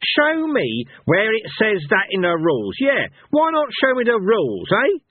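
A man voicing an old, gruff, hot-tempered barbarian hero who growls and snaps his words. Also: a little high, big pitch swings, moderate pace, no room sound, pitched above the performer's own voice. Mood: raging. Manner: growling, snapping, shouting in rage. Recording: tinny phone-like sound.

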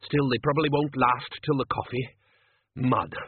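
In a steady, slightly rough mid-range voice pitched above his natural one, a man lightly performs a scheming restaurant boss. He's bossy and commanding, rattling off orders to kitchen staff on a dry, phone-like, tinny recording.

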